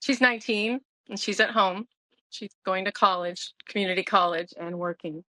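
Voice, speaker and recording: A woman's voice: medium pitch, normal speed, pushed and bright, dry recording, low-quality recording. A woman of sixty talking candidly and emotionally as an interview guest, often restarting her sentences. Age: 60s. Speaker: guest sharing her sobriety story.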